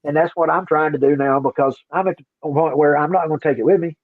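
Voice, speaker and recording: An older man hosts a livestream, talking fast in a highish voice with a steady tone while background noise is audible. His casual chat rambles in a folksy way and repeats itself, over a dry, tinny, phone-like line.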